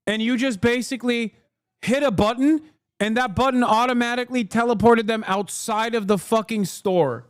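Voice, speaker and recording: A man's voice: very high voice, moderate pace, smooth, dry recording, studio quality. Profane ranting streamer man. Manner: heated, profane, sarcastic ranting. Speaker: streamer and political commentator. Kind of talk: live-stream rant commentary.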